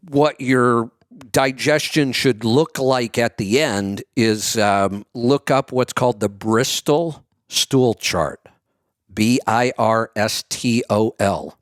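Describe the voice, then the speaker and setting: A man's voice: medium pitch, no echo, clean studio sound. A man hosting a call-in advice show, chatty and explaining at length. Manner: chatty, retells stories with acted quotes. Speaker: radio show host.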